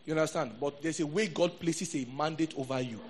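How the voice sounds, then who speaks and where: A Nigerian pastor preaching a sermon in a high, bright voice, with a faint hiss of noise behind him. He talks in a lively, conversational way and drops Pidgin asides. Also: fairly quick.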